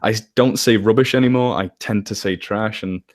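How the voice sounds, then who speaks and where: A man's voice: lowish voice, a little fast, a little hiss or hum. A man with a northwest English accent, a guest chatting casually in an interview, rambling a little and correcting himself as he goes. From England. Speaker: interview guest, story narrator. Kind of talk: casual chat.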